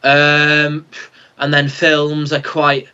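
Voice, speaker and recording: A man's voice: a little high, completely flat delivery, drawn-out words, bright, forceful tone, smooth. A young Mancunian man answers in a plain-spoken, proud way, sprinkling "like" through his talk. His voice comes through somewhat muffled and dull, as if over a remote link. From Manchester, England. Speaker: guest singer-songwriter. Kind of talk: casual interview.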